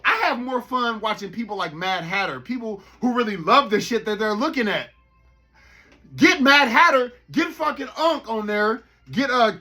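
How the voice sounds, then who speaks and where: Husky, bright-voiced ranting man. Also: high-pitched. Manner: animated, profane, rambling. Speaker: toy collector vlogger. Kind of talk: casual rant to camera.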